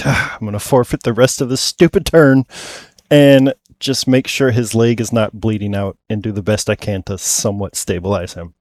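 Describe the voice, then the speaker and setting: A man playing a tabletop game, speaking in a halting way as he counts out dice rolls. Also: fairly low pitch, steady tone, darkish tone, dry recording, studio quality. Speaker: player. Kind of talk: casual tabletop play.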